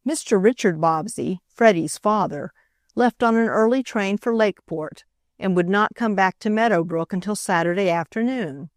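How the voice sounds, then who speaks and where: A woman narrating an old children's novel as an audiobook, in an even storytelling manner. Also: medium pitch, normal speed, no echo, clean studio sound. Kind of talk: scripted narration of a children's classic.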